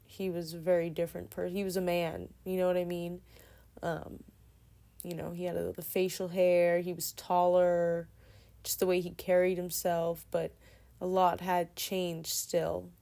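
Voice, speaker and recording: A woman in her twenties telling a personal story casually, in a meandering, soft-spoken way. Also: fairly low pitch, monotone, a little slow, gravelly.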